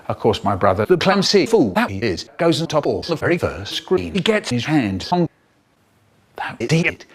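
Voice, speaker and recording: A man narrating a comic story with an animated, exaggerated storyteller voice. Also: mid-range voice, normal speed. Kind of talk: comic storytelling, spliced into a remix.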